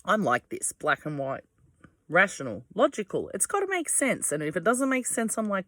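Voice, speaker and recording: An Australian vlogger, home in a power cut with only candlelight, wanders through a relaxed monologue and swears without a second thought. The voice is mid-range, sing-song and a bit bright, at a moderate pace, recorded at studio quality with no echo.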